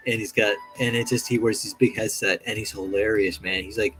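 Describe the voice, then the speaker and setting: A man's voice: fairly low pitch, steady tone, a little fast, fairly bright tone, rough recording. A man in casual chat while drawing on stream, telling stories animatedly and acting out quotes with a raised voice. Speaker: streaming artist.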